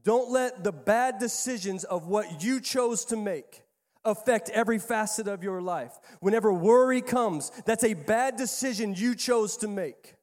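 A man in his thirties preaching a sermon as pastor, emphatic and repeating his key phrases, moving between quiet asides and louder stress. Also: high voice, in a large hall. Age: 30s.

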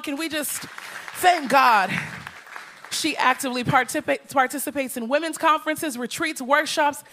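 A woman's voice: sits high, pushed and bright. A woman hosting a church Q&A, introducing a guest and calling out to the congregation with energy. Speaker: church host interviewer.

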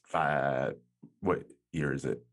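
A man's voice: rumbling low, fairly even intonation, slow. A man hosting his podcast, rambling and joking about himself, a little tipsy. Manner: rambling, joking, self-mocking. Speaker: podcast host. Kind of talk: casual chat. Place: home, hot room without air conditioning.

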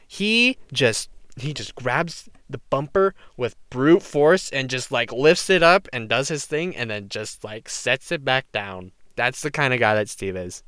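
A teenage high school boy rants through a storytime, filling his talk with "like" and breaking into loud mock shouts. His voice is smooth and clear, and his pitch swoops all over the place. The sound is dry and close, with no room echo. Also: moderate pace. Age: teens. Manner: animated, lots of "like", mimics others with shouts. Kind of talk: storytime rant to camera.

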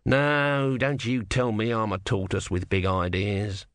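A man's voice: lowish voice, fairly even intonation, a little slow, fairly bright tone, dry recording, studio quality. A man voicing a bitter, sarcastic male god trapped as a small tortoise, in a storybook reading. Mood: exasperated. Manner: sarcastic, exasperated.

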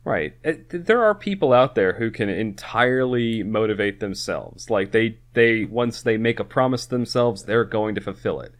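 Low-voiced man rambling casually. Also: animated, normal speed, hardly any pauses. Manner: rambling, many restarts and fillers. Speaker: podcast co-host. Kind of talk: casual chat.

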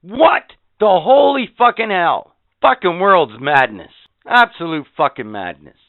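A man's voice: high-pitched, big pitch swings, measured pace, gravelly, no room sound, phone-quality sound. A man in his fifties hosting a podcast, delivering a profane, sarcastic, exasperated rant. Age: 50s. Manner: foul-mouthed, sarcastic, exasperated. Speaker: podcast host. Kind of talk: profane ranting monologue.

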